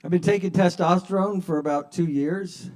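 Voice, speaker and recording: An older man doing a self-mocking stand-up set at an open mic, shifting between mumbled asides and loud punchlines. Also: high voice, moderate pace. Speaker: stand-up comedian. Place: open mic at a kava bar.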